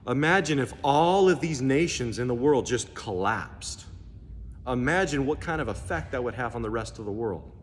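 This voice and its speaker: Animated preacher man in an echoey hall. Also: mid-range voice, moderate pace, slight background noise. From United States. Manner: animated storytelling, acts out dialogue. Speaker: pastor. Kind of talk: sermon. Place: church hall. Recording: echoey hall, faint ambience.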